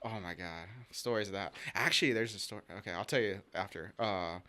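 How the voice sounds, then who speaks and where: A man in his thirties, a podcast guest, telling animated stories in casual chat, laughing often and acting out quoted voices. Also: lowish voice, brisk.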